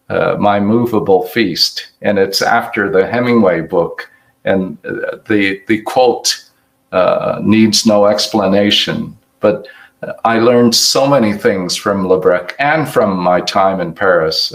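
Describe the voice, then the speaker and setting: An older man delivers an academic lecture in a low, gravelly voice. He speaks slowly and reflectively, pausing and restarting as he works through his slides. His tone stays unhurried throughout. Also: low-quality recording. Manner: halting, reflective, many restarts. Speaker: hepatologist giving award lecture.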